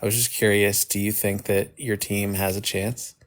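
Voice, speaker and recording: A man calling into a talk show who chats casually in a flat, monotone delivery. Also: lowish voice, moderate pace. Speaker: caller. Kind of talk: casual chat.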